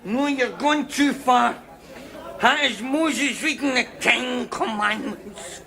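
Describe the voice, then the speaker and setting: A gravelly, fretful Scottish drinker. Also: male voice, very high voice, slow pace, sharp tone, heavily acted. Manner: fretful, earnest. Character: fretful, gloating middle-aged drinker. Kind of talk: sitcom acting. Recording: sitcom with audience laughter.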